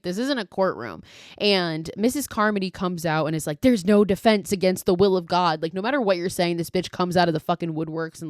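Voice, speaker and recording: A woman's voice: on the low side, no room sound, studio quality. A young woman hosting a podcast, casually recapping a film with lots of swearing and quoted lines. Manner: profane, animated retelling with quoted lines. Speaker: podcast host.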